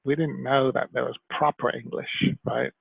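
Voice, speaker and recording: Man from Jamaica, interview guest, animated storyteller, very gravelly voice, dry tinny phone-like sound. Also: medium pitch, moderate pace, no echo.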